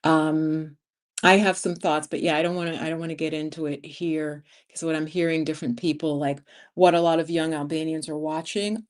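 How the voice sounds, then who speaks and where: A woman in her fifties hosting a casual livestream, chatting and laughing as she reads viewer comments. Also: low-pitched. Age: 50s. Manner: chatty, laughs often, animated storytelling. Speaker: livestream host.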